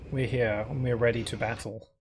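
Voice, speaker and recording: A man's voice: medium pitch, level tone, fairly quick, background noise. A young man giving casual, rambling commentary while playing a game on stream, talking into a desk microphone. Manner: rambling, easygoing, many fillers. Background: game music.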